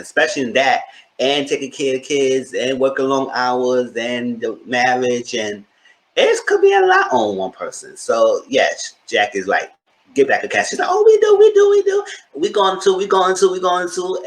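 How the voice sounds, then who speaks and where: A man in the middle of a casual TV recap, talking loosely and giving his opinions. His voice sits in the middle range, and he jumps into high squeaky voices when quoting the cast. The room around him is noticeably echoey. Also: fairly bright tone. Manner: chatty, opinionated, acts out quotes in high voices. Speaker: TV show reviewer.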